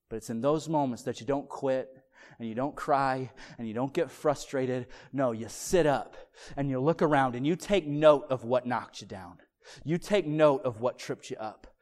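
A man preaching a sermon, telling a family story in an animated way that swings from loud excitement to hushed softness. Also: medium pitch, in a large hall. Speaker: pastor.

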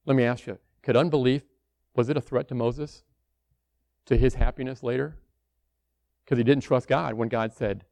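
A man preaches in an easy, conversational manner, often dropping into the fretful voices of his congregation. His pitch sits in the middle range for a man. The sound is dry, with little room echo. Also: fairly even intonation, moderate pace, gravelly, pauses often, darkish tone. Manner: conversational preaching, acts out worried church members. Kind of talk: sermon.

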